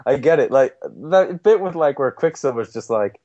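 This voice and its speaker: A man's voice: mid-range voice, sing-song, dark tone, dry recording. A man co-hosting a podcast, chatting casually about movies, agreeing often and laughing easily. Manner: agreeable, quick laughs, frequent "yeah". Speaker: podcast co-host. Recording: dry, dull lo-fi mic.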